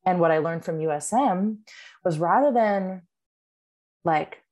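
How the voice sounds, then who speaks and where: A woman's voice: lowish voice, unhurried, darkish tone. A woman speaking as a podcast guest, telling stories in a blunt, candid, casual way and swearing freely. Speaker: guest, runs a birth support group. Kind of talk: casual storytelling in a podcast chat. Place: works at a chiropractic office.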